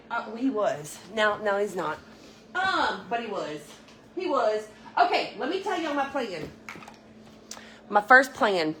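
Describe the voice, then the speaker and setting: A woman's voice: medium pitch, a bit bright, a little hiss or hum. A middle-aged woman, chatting casually with viewers as she hosts a live stream from her home kitchen. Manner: chatty, laughing, greeting viewers by name.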